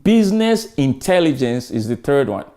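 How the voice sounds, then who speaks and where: A man's voice: mid-range voice, big pitch swings, moderate pace, mellow. A man in his fifties giving an emphatic customer service training lecture, full of rhetorical questions and repetition.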